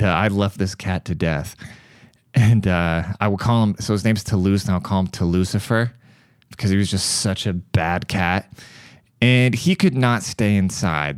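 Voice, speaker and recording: A male podcast host telling rambling stories with plenty of swearing and frequent laughter. His voice sits a little low. The sound is dry and close, with no room echo. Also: a little mellow, smooth. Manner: crude, profane, laughs often. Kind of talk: casual comedic storytelling.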